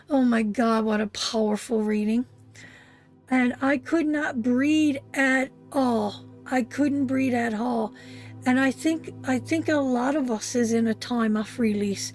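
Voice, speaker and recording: A woman's voice: a little high, slow pace, a little mellow, faint music behind. A woman giving an emotional live tarot reading, speaking tenderly and directly to her viewers. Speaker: tarot reader.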